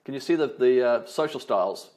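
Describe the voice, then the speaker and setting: On a video call, a trainer gives a spirited online webinar at a fairly quick pace. His voice is mid-range, and he leans on emphasis and tags like "right?".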